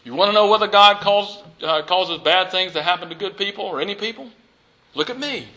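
A man preaching a sermon as pastor, expressive, with loud emphatic lines and near-whispered ones, often repeating himself for emphasis. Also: high voice, a little fast, poor audio.

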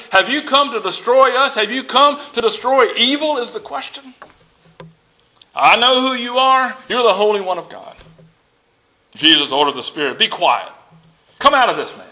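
A man preaching a sermon as pastor, expressive, with loud emphatic lines and near-whispered ones, often repeating himself for emphasis. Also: on the high side, rough recording.

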